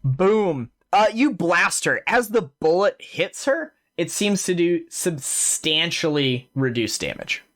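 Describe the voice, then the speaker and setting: A man's voice: on the high side, big pitch swings, slow, few pauses, a bit bright. A man narrating and running a tabletop fantasy game as game master, in a casual way with many fillers.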